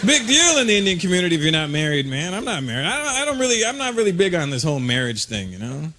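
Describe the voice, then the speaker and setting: High-voiced animated stand-up comic. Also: male voice, fast. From Canada. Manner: animated, punchy storytelling with asides. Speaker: stand-up comedian. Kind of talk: stand-up comedy routine. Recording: loud noise, live club with crowd laughter.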